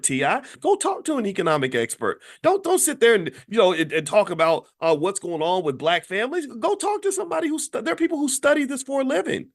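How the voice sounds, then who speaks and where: A man giving an emphatic, animated monologue in casual commentary, often repeating himself and swinging from low, quiet lines to high, loud ones. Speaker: commentator on Black economics.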